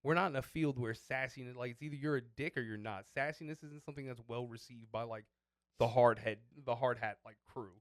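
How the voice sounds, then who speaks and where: Male podcast co-host, rapid delivery, dry close sound, casual slang-heavy storyteller. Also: medium pitch, no room sound. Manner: loose, profane storytelling with slang. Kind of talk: casual chat.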